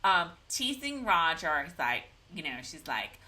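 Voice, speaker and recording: Lively, bright-toned woman co-host. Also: deep voice, measured pace. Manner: animated, joking, frequent "um". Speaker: podcast co-host. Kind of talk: casual recap chat.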